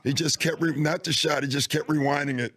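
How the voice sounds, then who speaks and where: A man's voice: fairly high pitch, fairly even intonation, fairly quick, fairly bright tone. A man, a former player, casually telling stories in a chat, often laughing as he recalls them.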